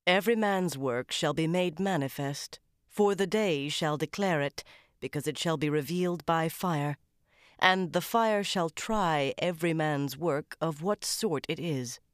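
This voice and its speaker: A woman narrating a crime novel audiobook in the first person with a measured, even-paced reading. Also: deep voice, dry recording, studio quality.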